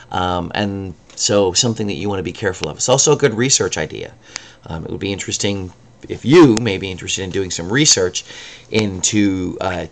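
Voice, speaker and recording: A man teaching a recorded language lecture, relaxed and casual, often pausing with "um" and checking in with "right?". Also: lowish voice. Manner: relaxed, frequent ums and rhetorical "right?".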